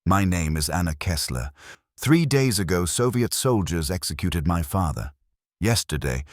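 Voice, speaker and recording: A man's voice: deep voice, dry recording, studio quality. A man voicing a bitter young refugee woman. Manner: bitter, sardonic.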